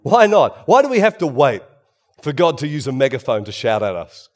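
A man preaching a sermon, swinging between loud emphasis and hushed, quiet passages. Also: mid-range voice, big pitch swings, moderate pace.

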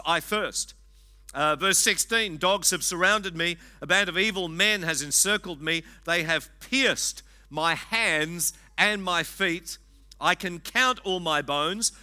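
A man preaching a sermon in a conversational, gently humorous way with frequent fillers. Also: on the high side. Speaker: pastor.

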